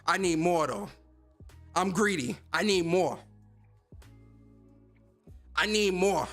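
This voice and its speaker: A man's voice: fairly high pitch, sharp tone. A man hosting a casual gaming livestream, speaking in loose slang and getting fired up as he talks straight to his chat. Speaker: gaming streamer and podcast host.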